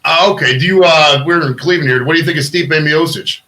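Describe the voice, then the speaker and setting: A man's voice: a little high, fast, bright, forceful tone, poor audio. A man hosting a podcast interview, asking loose, chatty questions full of filler words. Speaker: podcast host. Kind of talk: casual interview.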